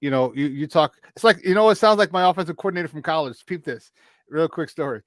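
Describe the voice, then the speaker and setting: An animated male sports talk host chatting casually from a remote virtual studio. His voice sits a little high for a man and bursts with energy. The sound is dry, with no room echo. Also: fast. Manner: excitable, animated storyteller.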